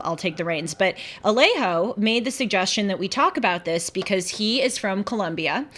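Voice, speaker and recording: A woman's voice: medium pitch, fairly bright tone. Chatty woman hosting a live talk show. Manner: chatty, opinionated, quick asides. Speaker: show host. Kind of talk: casual live show commentary.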